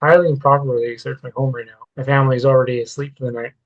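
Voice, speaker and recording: A man's voice: medium pitch, little pitch movement, very fast, dry recording, lo-fi sound, close to an everyday voice. A man reading as a stern, commanding older man. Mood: indignant. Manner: formal, commanding old-fashioned speech. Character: stern proud older man, a vampire's brother.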